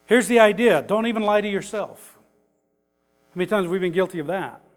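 An older male pastor with a high voice preaches in a folksy, chatty way, chuckling between points before pressing hard on them. His voice carries a long hall reverb. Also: a little fast. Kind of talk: conversational sermon.

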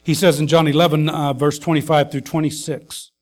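Pastor guy preaching, grieving, kinda high voice, lots of uhs then big emphatic lines. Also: little pitch movement. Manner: earnest, pausing often with fillers, rising to emphatic calls. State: grieving his mother. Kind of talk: sermon.

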